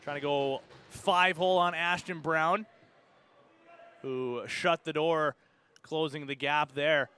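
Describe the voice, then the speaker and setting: Bright-voiced Canadian lacrosse play-by-play man. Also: on the high side, steady tone, clean tone. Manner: brisk, rises sharply on goals and saves. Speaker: play-by-play commentator. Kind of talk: live lacrosse play-by-play commentary.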